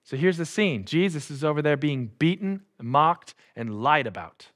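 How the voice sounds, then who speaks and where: A man's voice: on the high side, lively intonation, normal speed, hardly any pauses, a bit bright. Casual man preaching a sermon. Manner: casual, conversational preaching with acted-out quotes. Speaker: pastor. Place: church.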